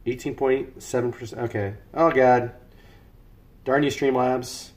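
This American man's voice sits in the mid range, steady and unhurried, as he hosts a relaxed cooking livestream at home. Between greetings to viewers by name and loose chatter, he keeps a running commentary on his cooking.

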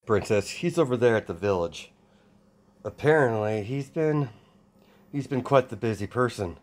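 A man voicing a calm, curious attendant to a princess in an improvised fan story. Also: mid-range voice, normal speed, close to an everyday voice.

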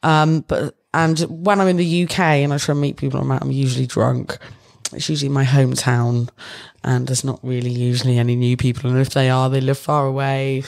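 A woman's voice: extremely low pitch, little pitch movement, brisk, vocal fry, hardly any pauses, a little mellow. Giggly, chatty British woman. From United Kingdom. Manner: chatty and giggly, rambling with many fillers. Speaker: guest. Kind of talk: casual chat.

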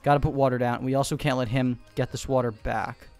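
A man giving fast, excitable gameplay commentary from home, repeating short calls in quick bursts. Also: mid-range voice, creaky, soft background music. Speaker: gaming YouTuber. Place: home room.

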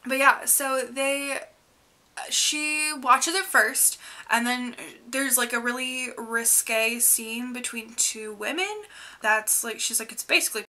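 A young woman chats through a novel's plot as a book vlogger, rambling and filling her sentences with "like". Her voice sits a little high and sounds bright and crisp. She laughs easily as she talks. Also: fairly even intonation, slow. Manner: chatty, rambling, heavy use of "like"; laughs often while talking. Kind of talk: casual book recap.

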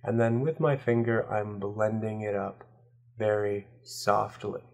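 A man's voice: fairly low pitch, measured pace, creaky. Sick-sounding man narrating a painting tutorial. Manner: calm, explanatory, step-by-step. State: sick, hoarse voice. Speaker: painting instructor. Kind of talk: real-time tutorial narration.

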